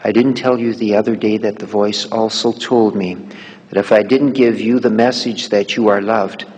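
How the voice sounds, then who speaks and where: A man voicing a big, nervous male prisoner who blurts his words out quietly, in a long hall reverb. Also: fairly low pitch, steady tone, slight background noise, natural voice. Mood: elated. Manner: halting, then blurts quietly.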